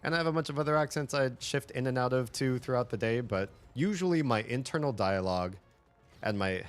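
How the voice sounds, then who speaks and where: A male streamer chatting casually with viewers, rambling and lecturing about language and accents. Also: sits low. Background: faint game music.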